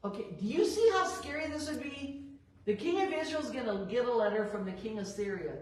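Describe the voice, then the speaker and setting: A woman leading a Bible study, reading verses and acting out the characters' lines with lively emphasis. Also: on the high side, brisk. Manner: expressive, acts out biblical characters in quoted dialogue. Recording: roomy echo, voice a bit far from the mic.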